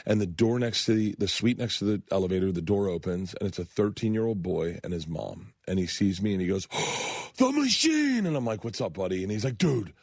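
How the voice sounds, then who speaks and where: A man in his fifties, a comedian telling animated stories on a radio show and acting out the other people in them. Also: low-pitched, fast talker, few pauses, no echo, clean studio sound. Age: 50s. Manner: animated storyteller, acts out voices and laughs a lot. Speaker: guest comedian. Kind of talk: storytelling in casual chat. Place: radio studio.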